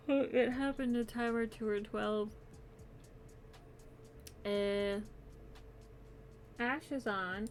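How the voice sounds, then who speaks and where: A woman's voice: on the high side, steady tone, drawn-out words, long pauses, slight background noise. Giggly woman chatting on a craft stream. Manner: giggly, chatty, yawning near end of stream. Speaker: crochet streamer. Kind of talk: casual chat with stream chat.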